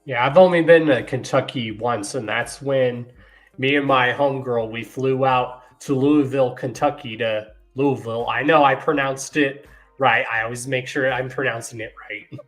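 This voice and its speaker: A podcast host with a medium-pitched voice chats casually at a moderate pace, faint music playing behind him. He's an animated storyteller who acts out quotes and laughs often.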